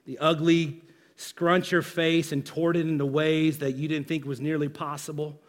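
A male pastor preaching a sermon to his congregation, animated and conversational, asking the room questions. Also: a little high.

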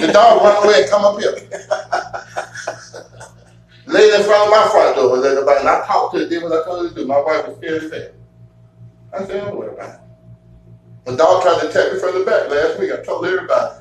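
A man hosting a casual chat, telling stories in a profane, animated way and getting loud at times. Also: high-pitched. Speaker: show host. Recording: echoey room from far off, faint hum.

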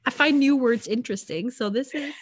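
A woman's voice: a little high, brisk, husky. A young woman co-hosting a casual podcast chat, rambling with many restarts and laughs. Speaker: podcast co-host.

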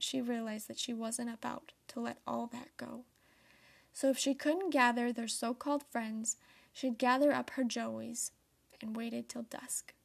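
A young woman in her late teens reading a storybook tale aloud in a soft, steady manner. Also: on the high side, vocal fry. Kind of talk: storybook narration.

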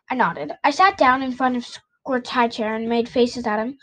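A woman reading a children's novel aloud, halting now and then with restarts and self-corrections. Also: a little high, fairly bright tone, low-quality recording. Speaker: reader.

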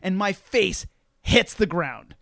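A young man telling a wild story in casual, profane podcast chat, acting out the people in it loudly. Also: high-pitched, slow, gravelly, no room sound, clean studio sound. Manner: animated, profane, acts out quoted people loudly.

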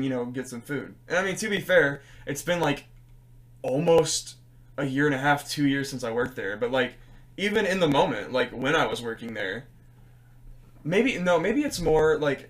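A young man hosting a casual podcast chat, telling long stories with lots of fillers. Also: on the high side. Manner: rambling, filler-heavy storytelling. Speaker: podcast host.

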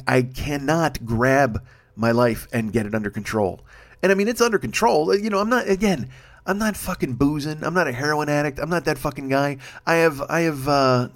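A man of fifty ranting in a solo monologue, rambling and self-deprecating, swearing often. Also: mid-range voice. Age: 50s. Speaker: podcast host. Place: home, recording late at night.

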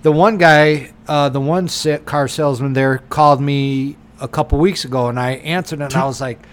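A man's voice: medium pitch, moderate pace. Foul-mouthed man telling a story. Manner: animated, swears constantly, acts out quotes. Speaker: podcast co-host. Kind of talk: casual profane storytelling.

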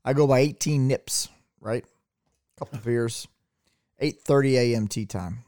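A man's voice: medium pitch, a little slow, darkish tone, no room sound, studio quality. A middle-aged man telling stories as co-host of a casual podcast chat, acting out the people he quotes. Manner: storytelling, acts out quoted voices.

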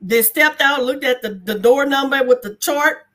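Animated storytelling woman, slightly high voice. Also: moderate pace. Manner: animated, colloquial, acts out dialogue; laughs while telling. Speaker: guest sharing a testimony. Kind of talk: casual storytelling chat.

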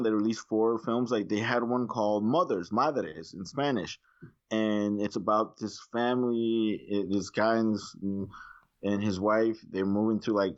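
Animated swearing man on a slightly dull recording. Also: on the low side. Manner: animated, swears freely, acts out his own reactions. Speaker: podcast co-host reviewing movies. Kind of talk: casual chat.

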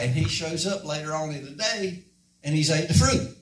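A man with a slightly high voice preaches a sermon at normal speed in a folksy style, quizzing the congregation with rhetorical questions. It's captured from a distant mic in an echoey room.

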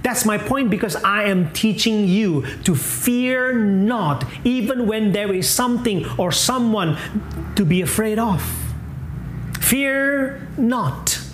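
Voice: mid-range voice, unhurried, a little hiss or hum. A preacher giving a sermon, emphatic, repeating key phrases and chuckling now and then. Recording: echoey room.

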